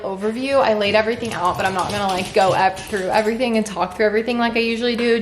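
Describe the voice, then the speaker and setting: A young woman vlogging casually to camera, chatty and a bit rushed, with lots of fillers. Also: medium pitch, slight background noise. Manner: hushed and quiet. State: sniffly with allergies. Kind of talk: casual vlog chat to camera.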